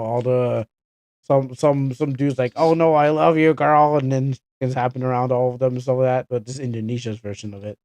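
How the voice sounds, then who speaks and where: A young Canadian streamer chats casually during a game livestream, rambling and correcting himself with chuckling asides. His mid-range voice has a dark, clean tone, and the recording is dry.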